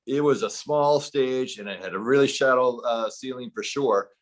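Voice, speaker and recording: A man's voice: mid-range voice, normal speed. A man co-hosting a casual podcast, gushing like a fan in loose run-on sentences. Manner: enthusiastic fan, talks in loose run-on bits. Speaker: podcast co-host.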